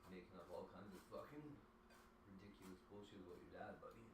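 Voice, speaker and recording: Deep-voiced man ranting on a livestream. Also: steady tone, fast, heavy background noise. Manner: crude, swears freely, chatty asides. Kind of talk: casual livestream chat.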